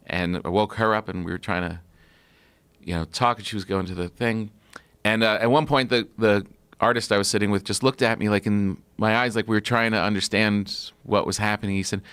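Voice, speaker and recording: Low-voiced man telling a rambling story. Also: fairly quick, fairly bright tone, clear, resonant tone, dry recording. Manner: rambling, filler-heavy anecdote telling. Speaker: podcast guest. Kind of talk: casual storytelling.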